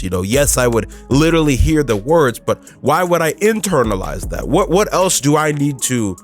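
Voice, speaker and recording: A man's voice: fairly high pitch, sing-song, moderate pace, few pauses, soft background music. A man hosting a motivational podcast, talking casually and emphatically with lots of fillers, pushing his voice up to stress points. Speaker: podcast host.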